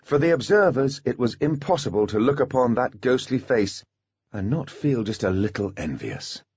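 A man narrating an audiobook in a scripted, expressive storytelling manner. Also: mid-range voice, normal speed, breathy edge, dry recording, highs cut off.

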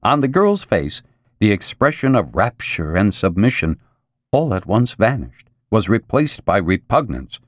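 A man reading a novel aloud as an audiobook narrator, measured and expressive, with dramatic pauses. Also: on the low side, no room sound, studio quality. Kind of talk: scripted narration.

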